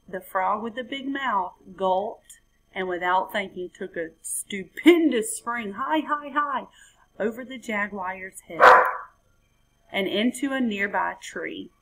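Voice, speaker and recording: A woman reading a children's picture book aloud in a slow, expressive storybook manner. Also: medium pitch, low-quality recording.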